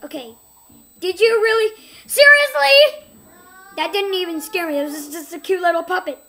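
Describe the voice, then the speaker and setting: A woman's voice: extremely high pitch, fairly quick. A young woman hosting a gaming channel, giving jumpy horror let's play commentary, shrieking and laughing at scares.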